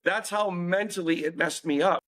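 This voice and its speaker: A man with a fairly high voice tells a personal story as a podcast guest. He is earnest and confessional and acts out the lines of the people he quotes. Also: normal speed, fairly bright tone.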